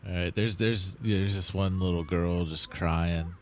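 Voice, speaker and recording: A man's voice: low-pitched, steady tone, unhurried, slight background noise. A man narrating as game master of a tabletop game, laughing as he describes the scenes.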